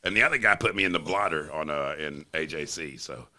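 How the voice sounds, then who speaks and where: A man, a podcast guest, telling stories in a casual, animated way and acting out the quotes. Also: very deep voice, a little fast. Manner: animated, laughing storyteller who acts out quotes. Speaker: podcast guest, former strip club bouncer. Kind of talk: casual storytelling.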